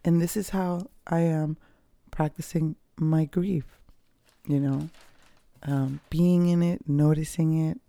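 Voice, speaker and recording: A podcast host talking casually and candidly about personal experience, swearing freely and pausing often. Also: mid-range voice, fairly even intonation, creaky, dark tone, no room sound. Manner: slow, pausing delivery with fillers. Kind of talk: reflective personal talk.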